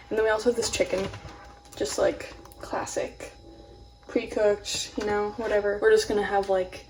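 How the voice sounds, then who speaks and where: A young woman with a mid-range, slightly dark voice chats casually in a home vlog, rambling and dropping "like" constantly. She's in a room with a mini fridge, and the distant home camera picks up its faint hum.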